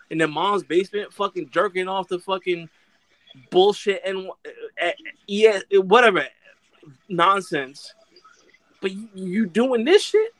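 A man with a notably high voice rants about wrestling crowds on a casual podcast. He swears freely and talks in an animated, indignant way. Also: dry recording. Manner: animated, profane, indignant ranting. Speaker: podcast co-host.

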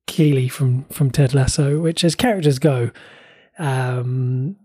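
An Englishman co-hosting a casual podcast about shows speaks slowly in a mellow, mid-range voice with a breathy edge. The studio-quality recording has no echo, and his chatty review talk features playful mock indignation and frequent restarts.

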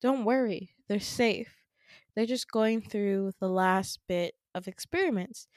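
A woman quoting a cold, calculating scientist father who speaks in a calm, clinical way, close to her own voice. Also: high voice, slow pace, clean tone, no room sound. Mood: flat.

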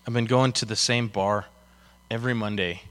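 Young pastor, bright slightly low voice, relaxed storyteller preaching in a church. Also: male voice, normal speed. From Colorado, USA. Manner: casual and chatty, many fillers, storytelling with acted quotes. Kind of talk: casual sermon talk.

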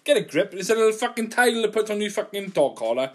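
A man's voice: high voice, very animated, fast. A man rambling in a casual podcast chat, swearing constantly and restarting sentences. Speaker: podcast co-host. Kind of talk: casual banter.

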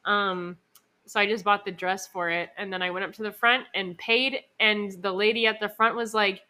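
A podcast co-host in her twenties tells a meandering story to her sister in relaxed chat, full of profanity and laughter. She speaks at normal speed in a medium-pitched, steady voice that's bright and forceful.

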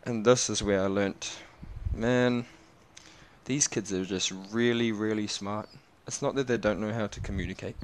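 A man's voice: on the low side, moderate pace. Rambling slangy New man. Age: 20s. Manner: rambling, slangy, animated storytelling. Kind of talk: casual monologue.

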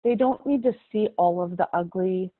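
A woman's voice: mid-range voice, normal speed, crowd noise. A middle-aged woman, a life coach and podcast guest, chatting candidly and casually, swearing and saying "like" a lot. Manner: candid, swears, peppers speech with "like". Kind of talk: casual chat. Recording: tinny phone-like line, dry.

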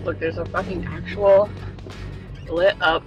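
A woman's voice: lowish voice, level tone, unhurried, lo-fi sound, music in the background. A young woman vlogging casually from a psychic conference, tired with a worn voice, swearing freely and talking straight to her viewers. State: tired, voice shot. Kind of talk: casual vlog to camera.

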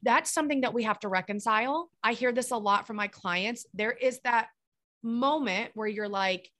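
A woman's voice: a little high, moderate pace. A woman hosting a podcast as a business coach, talking casually and acting out her clients' complaints. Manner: animated, acts out clients' complaints.

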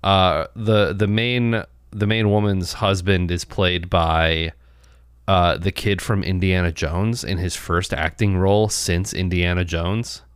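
A man's voice: low-pitched, steady tone, slow, clear, resonant tone, no room sound, studio quality. A man hosting a podcast, chatting casually about movies and rambling with frequent restarts. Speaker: podcast host.

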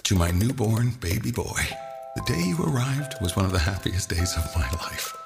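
A gravelly, deep-voiced new dad. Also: male voice, big pitch swings, normal speed. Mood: tender. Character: new father doting on son, RV lover. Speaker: ad character. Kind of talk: comic radio ad. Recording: ad over music in long reverb.

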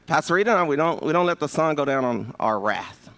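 Animated joking pastor in his fifties. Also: on the high side, fast talker. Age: 50s. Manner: animated, joking, calls for congregation responses. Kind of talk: sermon.

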